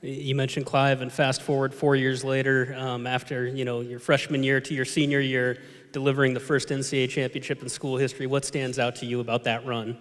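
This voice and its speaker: A man interviewing a guest, asking measured questions. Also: mid-range voice, level tone, a bit bright. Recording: reverberant hall.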